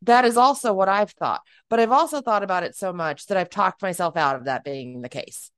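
A woman in her thirties co-hosting a casual podcast. She sounds chatty and animated and often says "like." The recording is dry and close, with no room sound. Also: mid-range voice, a little fast, no echo. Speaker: podcast co-host.

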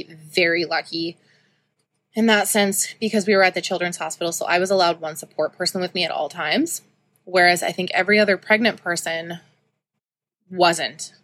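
A woman's voice: lowish voice, sharp tone, no echo. A woman in her thirties hosting a podcast, telling a personal story in a candid, chatty way with lots of ums and likes. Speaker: podcast host.

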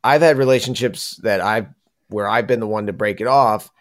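Male co-host, lowish voice, reflective and easygoing. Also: normal speed. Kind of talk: casual podcast chat.

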